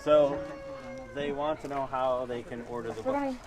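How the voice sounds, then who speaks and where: A man's voice: medium pitch, very animated, moderate pace. A man off camera during a farm livestream, chiming in briefly and passing on viewers' questions. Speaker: co-host reading viewer comments. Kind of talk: casual live-stream chat.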